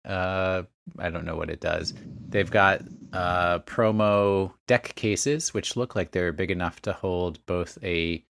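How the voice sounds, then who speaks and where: Low-voiced man hosting a casual podcast. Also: takes it slowly, gravelly, fairly bright tone, clear, resonant tone, dry recording. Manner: reads out a list of places and dates, chatty with small asides. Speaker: podcast host.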